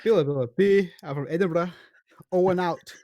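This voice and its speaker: A man's voice: high-pitched, normal speed, mellow, dull audio, natural voice. A man putting on a fake Scottish voice as a joke, keeps breaking into laughter. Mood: joking. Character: man faking a Scottish accent, joking. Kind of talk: casual chat.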